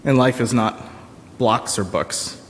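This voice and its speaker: A man giving a sermon as minister, in a slow, reflective, pausing storytelling manner. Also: medium pitch. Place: church sanctuary. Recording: long reverb of a church sanctuary.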